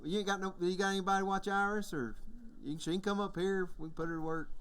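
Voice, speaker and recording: A man's voice: high-pitched, fairly even intonation, fast, a bit bright, clear, resonant tone. A man from Georgia with a Southern US accent, telling folksy jokes and stories on stage at a folk music workshop and laughing at his own jokes. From Georgia, USA.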